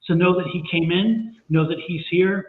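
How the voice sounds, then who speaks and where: A man reassures a viewer during a streamed tarot reading, repeating himself earnestly. His voice sits a touch high and comes through a thin, phone-like call with a roomy echo. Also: fairly even intonation, moderate pace. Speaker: tarot and psychic reader. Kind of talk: live-streamed psychic reading. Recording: echoey, phone-like line with faint noise.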